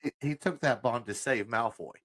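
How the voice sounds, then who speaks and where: A man co-hosting a casual film podcast, making his points in a halting way. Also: medium pitch, fairly bright tone. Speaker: podcast co-host. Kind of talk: casual chat.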